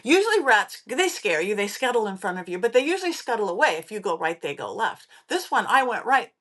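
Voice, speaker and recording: Animated woman telling spooky stories. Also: medium pitch, brisk. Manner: animated, acts out quoted voices. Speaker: podcast host; psychic medium. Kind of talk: casual spooky storytelling.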